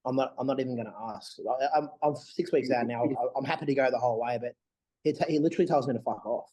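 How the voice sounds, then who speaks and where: A man co-hosting a casual podcast chat, an animated storyteller who acts out what people said. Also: medium pitch, quick pace, slightly rough, low-quality recording. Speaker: bodybuilder and podcast co-host.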